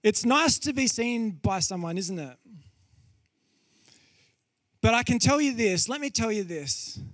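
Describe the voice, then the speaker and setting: A man preaching a sermon, telling stories with lively acted-out quotes and dropping low and quiet for solemn points. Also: a little slow, no echo, clean studio sound. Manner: animated storytelling, acts out quotes with laughs.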